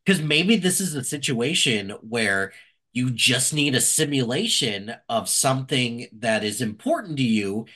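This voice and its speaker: A man's voice: mid-range voice, bright, forceful tone, husky. A man co-hosting a podcast, giving wry, sarcastic remarks in casual chat. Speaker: podcast co-host.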